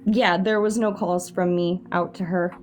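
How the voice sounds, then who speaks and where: A woman's voice: on the low side, steady tone, a little slow, a little hiss or hum. A young woman calling in to a live stream to share a paranormal story, sounding nervous and hesitant, with many fillers and restarts. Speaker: caller sharing a paranormal story.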